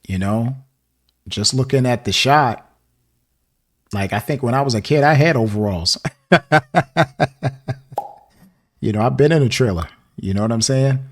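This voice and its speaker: A man's voice: mid-range voice, unhurried, long pauses. A man from the American South hosting a music reaction video, chatting casually and rambling with lots of fillers and laughs. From Southern United States.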